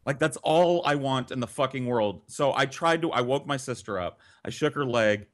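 A man spins a long personal story on a podcast, swearing freely and painting vivid pictures. His voice sits at an ordinary mid pitch. The delivery is casual and animated. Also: moderate pace, hardly any pauses.

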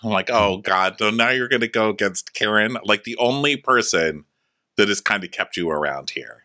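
A man co-hosts a podcast in loose, chatty recap mode. His voice is very bright and sharp, and he keeps sliding into sarcastic high-pitched impressions of the people he talks about. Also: expressive, normal speed. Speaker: podcast co-host. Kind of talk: casual recap chat.

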